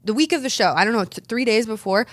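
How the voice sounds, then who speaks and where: A woman's voice: on the high side, expressive, fast talker, dry recording. A woman in her thirties telling stories in a casual interview, chatty, often restarting and repeating words. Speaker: interview guest, pro wrestler and dentist.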